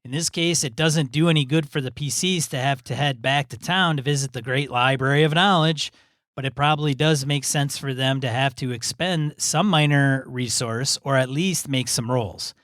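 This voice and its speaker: A man's voice: mid-range voice, a bit bright, no room sound. Easygoing male podcast host, dry mic. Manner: easygoing, reads in measured chunks with asides. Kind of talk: casual chat, reading a listener email aloud.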